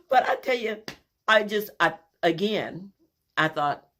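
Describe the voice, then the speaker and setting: A woman telling a personal family story, animated and acting out the scenes as she goes. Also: mid-range voice.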